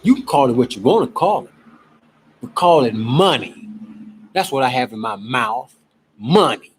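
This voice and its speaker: A man from Cleveland, Ohio, giving an emphatic, exasperated casual pitch about gold and prices. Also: normal speed, a little hiss or hum, poor audio. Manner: emphatic, exasperated, animated preaching. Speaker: gold promoter. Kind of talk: casual selling pitch to camera.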